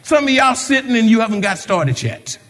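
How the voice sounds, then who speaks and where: Preacher man, high voice that swings all over, big echoey church. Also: moderate pace. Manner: animated preaching with call-outs and retold conversations. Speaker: pastor. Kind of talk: sermon. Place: church sanctuary. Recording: long reverb of a large hall.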